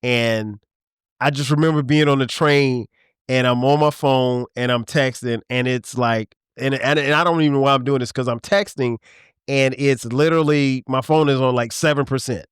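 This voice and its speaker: A middle-aged man hosting a podcast, talking in a relaxed, rambling way with many restarts. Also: medium pitch, moderate pace, clean tone, dry recording, studio quality. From southern US. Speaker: podcast host. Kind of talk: casual conversation.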